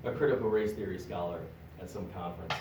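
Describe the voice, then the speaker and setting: A man giving a public lecture at a library, animated and joking with the audience. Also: low-pitched, fast, very noisy. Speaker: guest lecturer. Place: public library meeting room. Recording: echoey room, recorded from a distance.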